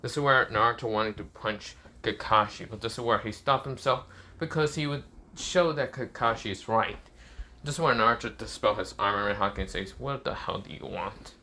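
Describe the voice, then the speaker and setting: A man narrating an improvised fan story in a loose, rambling way, filling gaps with "well" and "but yeah." His voice is bright and forward. There is a faint background hiss. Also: on the low side, normal speed.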